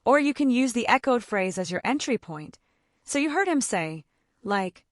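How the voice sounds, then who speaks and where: Speaking in a sing-song voice on the high side, a mother of autistic children offers laid-back advice at a moderate pace. She says "like" constantly and acts out the exchanges she talks about. The recording is dry and clean, with studio sound.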